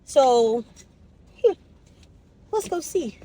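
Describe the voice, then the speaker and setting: In this poor-quality recording, a young woman with a high, husky voice speaks extremely slowly. She's casually vlogging from her car and a convenience store, animated and expressive, ranting and swearing as she chats.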